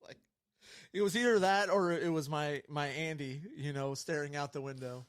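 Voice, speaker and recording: A man's voice: fairly high pitch, normal speed, no room sound. A middle-aged man co-hosting a casual podcast over beers, rambling through stories, acting out quotes and laughing often. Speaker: podcast co-host.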